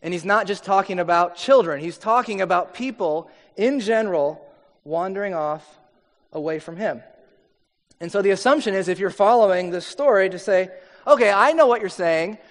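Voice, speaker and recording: A man's voice: sits high, normal speed, in a large hall. A middle-aged man, a pastor, telling a personal story in a conversational sermon with many asides.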